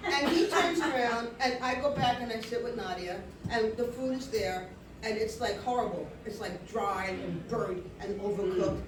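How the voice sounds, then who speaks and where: A woman, from Brooklyn, telling a story on stage in an animated, comic way full of fillers and restarts. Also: a little high, normal speed, very noisy. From Brooklyn, New York. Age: 40s. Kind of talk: live storytelling performance. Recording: roomy, distant live-room sound.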